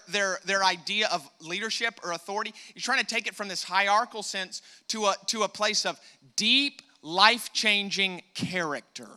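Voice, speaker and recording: A man's voice: high-pitched, clean tone. An American man preaching a sermon, emphatic and repetitive, calling on the congregation to respond. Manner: emphatic preaching, rising loud on key points, repeats words. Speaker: pastor.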